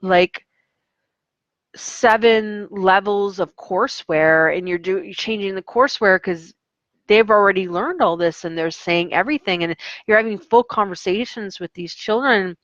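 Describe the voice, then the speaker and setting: A woman's voice: mid-range voice, a little slow, a bit bright, no echo, lo-fi sound. A young adult woman, an online English teacher, chatting casually about her classes and acting out her students in quotes. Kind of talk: casual vlog storytelling.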